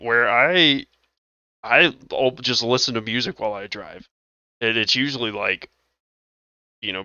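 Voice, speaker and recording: A man co-hosting a podcast in casual chat, animated and laughing often, saying "y'all". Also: lowish voice, no room sound, lo-fi sound. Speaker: podcast co-host and game master.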